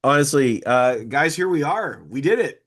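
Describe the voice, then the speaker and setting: A man's voice: fairly high pitch, animated, normal speed, a bit bright. A man hosting a podcast, easygoing and self-deprecating, with lots of hesitant fillers. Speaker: podcast host. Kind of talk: casual podcast chat.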